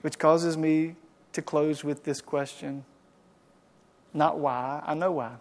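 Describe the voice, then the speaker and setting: Male pastor, fervent sermon, rises to loud passion then drops to hushed prayer, slightly high voice. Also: fairly even intonation, takes it slowly. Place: church service.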